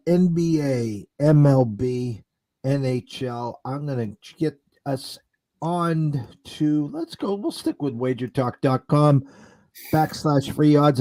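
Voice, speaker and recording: A man's voice: medium pitch, dark tone. A man hosting a sports betting show in casual chat, with a wry, sarcastic manner.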